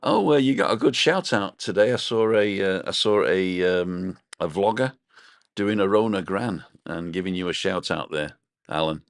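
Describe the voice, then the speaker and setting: A man's voice: low voice, normal speed, dry recording. A man co-hosting a casual live stream from his balcony, rambling chattily and reading out viewer comments. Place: home balcony.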